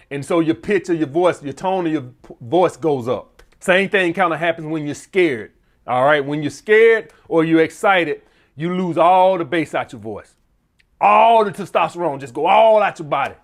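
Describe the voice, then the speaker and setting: Blunt, profane man with lively pitch. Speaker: dating advice vlogger. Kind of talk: casual profane monologue.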